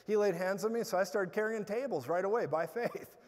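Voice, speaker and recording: A man preaching a sermon, telling stories in an animated way with bursts of loud laughter. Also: high-pitched, brisk. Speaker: guest preacher. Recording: hall reverb.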